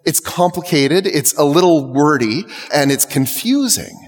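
Male preacher, sermon, lively rising-falling delivery, fairly high voice, long church reverb. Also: unhurried, faint music behind. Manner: conversational, lightly humorous. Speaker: clergy, preacher.

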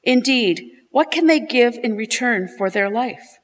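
A woman reading a gospel passage aloud in church, measured and solemn. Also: on the high side, animated. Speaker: gospel reader. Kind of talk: liturgical scripture reading. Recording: reverberant church hall.

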